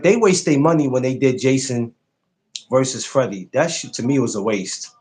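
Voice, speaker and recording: Man, podcast host, live stream, casual chat, animated, swearing, mid pitch. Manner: animated, swearing, jumps to high exclaims when mocking.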